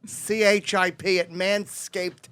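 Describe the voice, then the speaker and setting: A man's voice: high-pitched, level tone, slow, a bit bright, smooth. A man playing a crude, dim-witted man-child character hosting a comedy podcast, talking brashly and mumbling. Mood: blustering. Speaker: host.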